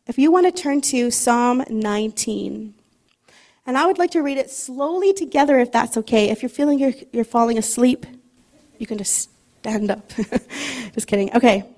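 A middle-aged woman giving a casual, chatty sermon, joking at her own expense and reading scripture slowly. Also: fairly high pitch, darkish tone. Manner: chatty and self-deprecating, laughs often, reads scripture slowly. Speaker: preacher.

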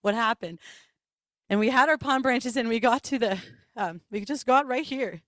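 Woman preacher, higher voice, lively testimony delivery, dry close sound. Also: moderate pace, no echo. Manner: animated storytelling with laughs and restarts. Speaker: worship leader. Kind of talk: sermon testimony.

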